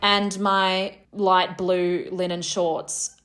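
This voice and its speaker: A woman co-hosting a chat, telling a wild story with laughs and acted-out shouts. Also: fairly low pitch, extremely slow. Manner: lively, laughing, acts out her own shouts. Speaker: podcast co-host telling a story.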